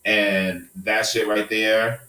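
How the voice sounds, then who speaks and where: A man's voice: fairly low pitch, flat delivery, slow pace, sharp tone, reverberant, recorded from a distance, poor audio. A man hosting a podcast, holding forth in a passionate, profane rant during a casual group discussion. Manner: impassioned, profane, preachy rants. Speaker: podcast host.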